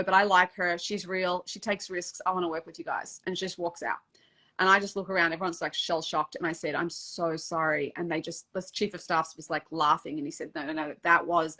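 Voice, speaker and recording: Middle-aged woman, dating coach guest; bright, forward voice; animated, emotional storytelling. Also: lowish voice. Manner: emotional, animated retelling with acted-out quotes. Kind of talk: casual interview storytelling.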